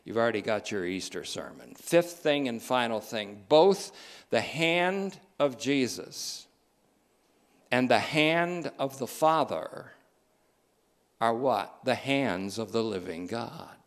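Expressive and mid-range in voice, this man delivers an emphatic sermon built on repeated key phrases, his pace slowing and speeding as he goes.

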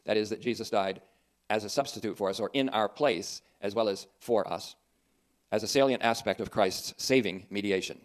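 A man preaching a sermon in an earnest, emphatic way, with dry asides. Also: mid-range voice.

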